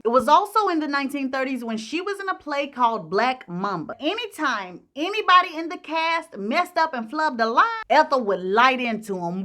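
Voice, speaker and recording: Chatty high-voiced woman storyteller. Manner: chatty, animated, slangy. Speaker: host. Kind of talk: casual gossip storytelling.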